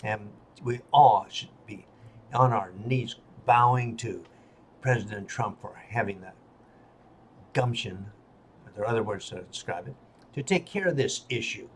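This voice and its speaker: A man's voice: on the low side, a little slow, a little hiss or hum. Angry older man ranting bluntly. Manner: angry, blunt, with many fillers and restarts. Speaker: political vlogger. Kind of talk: ranting monologue.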